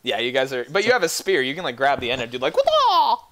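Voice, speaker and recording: Animated man running a tabletop game. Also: medium pitch, racing. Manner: animated, laughs often, casual swearing. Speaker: game master.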